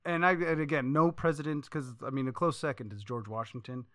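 A man's voice: on the high side, a little fast, dry recording, clean studio sound. A man co-hosting a podcast, telling stories in a rambling, profane, casual way. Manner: profane, rambling, animated storytelling. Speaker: podcast co-host. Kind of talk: casual chat.

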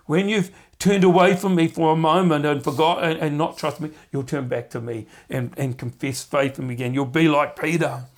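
A man's voice: on the high side, moderate pace, hardly any pauses. A man hosting a podcast, teaching from the Bible in an earnest, conversational way, often repeating words as he goes. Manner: earnest, animated when acting out quotes, repeats words.

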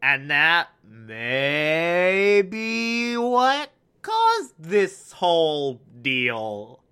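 A man giving a casual, animated TV episode recap, full of fillers and swearing, acting out characters' lines as he goes. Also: high-pitched, clear, resonant tone. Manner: animated, swears, many fillers, acts out quotes. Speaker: TV show reviewer.

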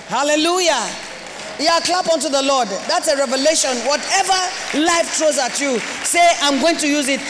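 A Nigerian woman pastor preaches with a very high, bright voice, swinging into sing-song rises and bursts of shouting. Her words ring out with the long reverb of a large church hall. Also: noisy background. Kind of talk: sermon.

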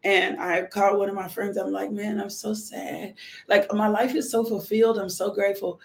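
Middle-aged woman rambling on her livestream, gravelly, says the same thing over and over. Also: mid-range voice, steady tone, fairly quick. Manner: heartfelt, rambling, repeats herself. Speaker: livestream host, widowed mother. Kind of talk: casual live-stream chat.

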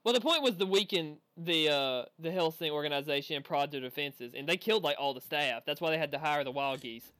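Man, high pitch, dry close sound, upbeat, argues his case, podcast host. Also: a little fast, hardly any pauses, pushed and bright, no room sound. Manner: upbeat, defends his opinions. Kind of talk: casual review chat.

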